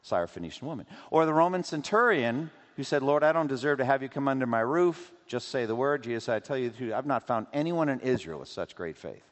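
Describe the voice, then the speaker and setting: A man preaching a sermon as pastor, asking rhetorical questions and acting out quotes in an animated way. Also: medium pitch, quick pace, few pauses. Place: church sanctuary. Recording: long hall reverb.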